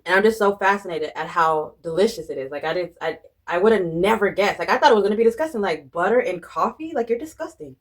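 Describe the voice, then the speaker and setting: A young woman vlogger telling a rambling, animated story in a casual chatty way, full of fillers and restarts. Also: on the low side, fast talker, low-quality recording. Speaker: budgeting and planner vlogger.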